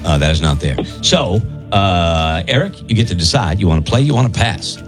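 A man hosting a casual game show among friends, playful and quick to laugh, stretching out questions like an announcer. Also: low voice, lively intonation, music in the background. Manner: playful, laughs easily, drawn-out mock announcer tone. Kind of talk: hosting a casual family-feud style game.

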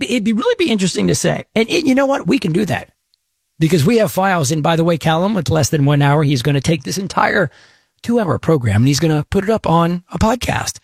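A man's voice: high-pitched, lively intonation, normal speed, vocal fry, slightly rough, dry recording, studio quality. A man from Texas hosting a talk radio show, rambling and joking as he interrupts himself. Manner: rambling, jokey, self-interrupting. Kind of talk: casual talk radio monologue.

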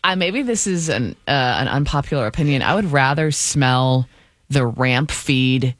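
Male co-host, slightly high, animated, dry studio sound. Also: measured pace, no room sound. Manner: chiming in with short reactions. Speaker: radio co-host. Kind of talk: casual morning show banter.

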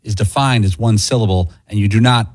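A man's voice: fairly low pitch, brisk, darkish tone, breathy edge, no echo, studio quality. A man on a radio show crew, explaining things in a matter-of-fact way.

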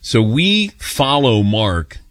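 A man's voice: mid-range voice, slow pace, no echo, clean studio sound. A man hosting a sports radio show, telling a story in a casual way and acting out the voices of the people in it. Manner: animated storyteller, acts out quoted voices. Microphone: studio microphone.

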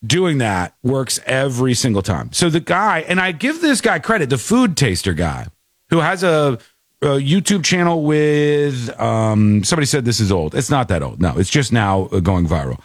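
A man's voice: medium pitch, big pitch swings, normal speed, dry recording. A man hosting a talk radio show, chatting casually and laughing as he mimics people in mocking quotes. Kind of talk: casual on-air commentary.

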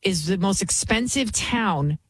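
A woman's voice: mid-range voice, lively intonation, unhurried, slightly rough. A woman filling in as a talk radio host, delivering a blunt, indignant opinion monologue.

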